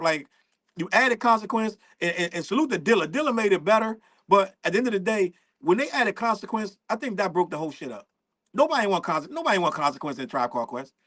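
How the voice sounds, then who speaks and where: High-voiced man ranting, profane. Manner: profane, animated, laughs between points. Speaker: show host. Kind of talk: casual commentary rant.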